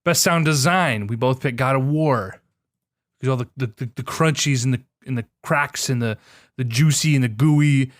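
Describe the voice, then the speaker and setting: A man's voice: mid-range voice, normal speed, dry recording, studio quality. Sarcastic man venting on a podcast. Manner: sarcastic, swears freely, animated bursts. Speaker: podcast co-host. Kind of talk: casual chat.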